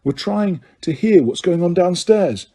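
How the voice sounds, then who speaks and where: A man's voice: high-pitched, lively intonation, a little slow, dark tone, husky, voice pushed up, exaggerated voice. A man voicing a playful young wizard who talks in teasing jokes.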